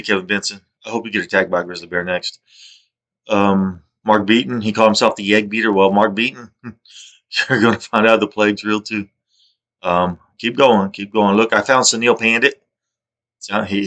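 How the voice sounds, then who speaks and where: Guy with a lowish voice rambling on and on, aggrieved, repeats himself, trails off into mutters. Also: a bit bright. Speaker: video monologuist. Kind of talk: rambling personal monologue.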